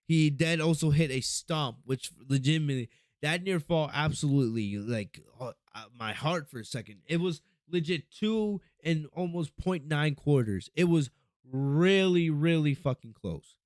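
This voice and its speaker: A man hosting a casual review podcast in a fairly high voice, recorded close and dry. He talks in an excitable, rambling way, swearing freely and restarting his sentences. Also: normal speed, dry recording. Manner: excitable, profane, rambling recap with frequent restarts. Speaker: podcast host.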